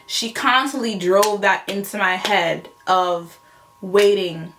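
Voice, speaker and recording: A woman's voice: medium pitch, slow, a little hiss or hum. A young woman vlogger tells a story in a casual, slangy way, often laughing as she goes. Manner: animated, laughing, slangy retelling.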